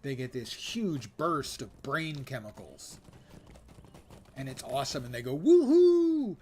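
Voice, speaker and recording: A man's voice: mid-range voice, measured pace, a bit bright, a little hiss or hum. An older man giving casual, wry commentary while streaming a game and reading quest text aloud.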